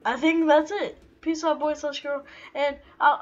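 A woman's voice: high voice, fairly even intonation, unhurried, dull audio. A young woman commenting on her own online match, flustered and exclaiming as things go wrong, a little out of breath. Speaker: gaming video host. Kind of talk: casual gameplay commentary.

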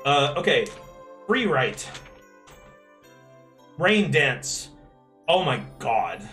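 A man's voice: medium pitch, very animated, very slow, pushed and bright, soft background music. A young man on a stream, reading his old school story aloud and laughing at it. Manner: amused, laughing often.

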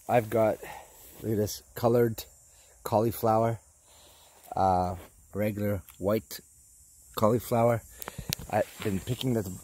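A vlogger gardener walks through his vegetable garden, chatting casually with viewers and calling them folks, though he drifts into preachy warnings. His voice is lowish and a little mellow. The camera sits on a tripod outdoors, so the mic sounds distant, with some hiss or hum and a rough overall recording.

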